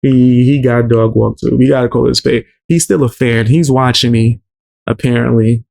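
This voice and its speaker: A man's voice: medium pitch, fairly even intonation, normal speed, gravelly, a little mellow. A man hosting a podcast in casual chat, blunt, plugging his channel and interviews. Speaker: podcast host.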